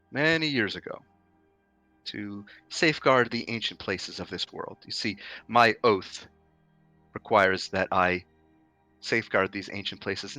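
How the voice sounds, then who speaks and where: A man playing a stern, courtly lord with a bright voice. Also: lowish voice, dry recording. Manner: formal, measured, courtly speech. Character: stern male lord who hands out harsh decrees. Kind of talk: tabletop role-play voice acting.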